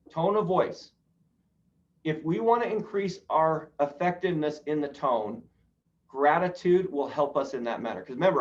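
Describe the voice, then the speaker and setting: A man leading a sales training session, explaining points step by step and asking the group questions he then answers himself. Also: fairly high pitch. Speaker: real estate sales trainer. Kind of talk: live training talk on rapport. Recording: distant, dull lo-fi sound.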